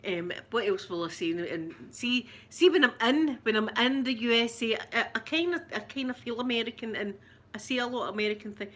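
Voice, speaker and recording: A woman's voice: a little high, expressive, fairly quick, a bit bright. A middle-aged woman with a Scottish accent, chatting casually and laughing with live viewers as she hosts a stream. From Scotland. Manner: chatty, rambling, laughs often. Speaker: ASMR livestream host.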